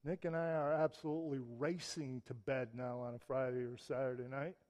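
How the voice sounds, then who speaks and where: A man's voice: medium pitch, flat delivery, a little fast, a little mellow. A middle-aged man from Michigan preaching a sermon, telling personal stories in a conversational way with emphatic rises. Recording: long church reverb.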